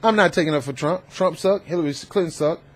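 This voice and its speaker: A man's voice: fairly high pitch, fairly quick. Emphatic man in a commentary vlog. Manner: emphatic, animated, preachy. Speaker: host.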